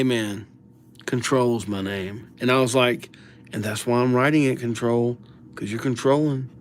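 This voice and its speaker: This calligraphy livestream host has a medium-pitched voice with slight background noise behind it. Relaxed and joking, he calls out viewer names, his slow, mumbled speech fading from the mic whenever he turns to write.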